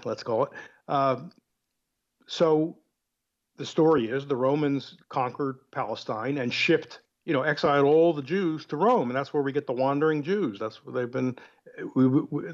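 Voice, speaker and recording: A man being interviewed as an author, telling a story in an animated, digressive way. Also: medium pitch. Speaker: guest author. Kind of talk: conversational interview. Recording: muffled lo-fi audio.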